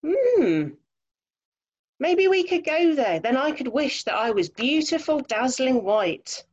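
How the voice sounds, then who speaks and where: Storybook donkey, fretful and dithering, higher pitch, dull audio; a woman reads him. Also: very animated, slow pace, darkish tone, heavily acted. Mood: hopeful. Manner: worried, whining. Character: fretful indecisive male donkey, whiny.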